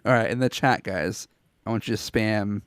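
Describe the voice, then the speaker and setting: A man's voice: on the low side, normal speed, clean tone, no echo. A man co-hosting a podcast, chatting casually, loose and joking, with some swearing. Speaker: podcast co-host. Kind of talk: casual chat.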